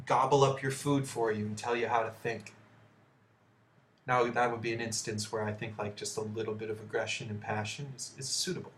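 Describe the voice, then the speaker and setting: A man's voice: on the low side, steady tone, a little fast, a bit bright, slight background noise. A man hosting his own channel, delivering heated, profane commentary on news articles with blunt asides. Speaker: video host. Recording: echoey room.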